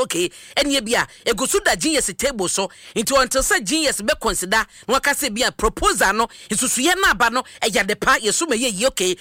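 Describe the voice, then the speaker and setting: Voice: mid-range voice, bright, forceful tone, no echo. A radio host giving emphatic commentary, asking rhetorical questions into a studio microphone.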